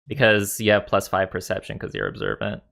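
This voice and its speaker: A man's voice: on the low side, very animated, fairly quick, gravelly, a bit bright. A man narrating as game master in a casual, rambling way with many fillers. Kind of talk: narrating a tabletop game over voice chat.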